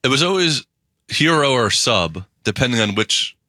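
A man chiming in on a radio talk show, playful and relaxed in the banter. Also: medium pitch, normal speed, dry recording, studio quality. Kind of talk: studio banter. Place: radio studio.

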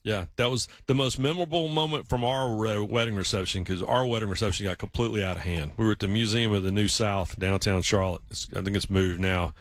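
A man's voice: lowish voice, fast, few pauses, no echo. Man chatting in a dry, close sound. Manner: storytelling, acts out quoted voices. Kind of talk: casual chat.

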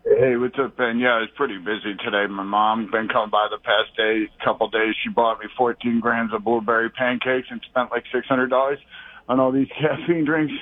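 A man's voice: medium pitch, steady tone, moderate pace, hardly any pauses, no echo. A male caller from the Boston area, out of breath, rambling through scattered stories on the phone. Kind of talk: rambling call-in. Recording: tinny phone line.

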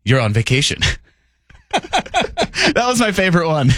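A man's voice: fairly high pitch, sing-song, moderate pace, pushed and bright, no echo. A man co-hosting a morning sports radio show from a studio, joking and reading listener texts aloud in an upbeat way. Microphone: studio microphone.

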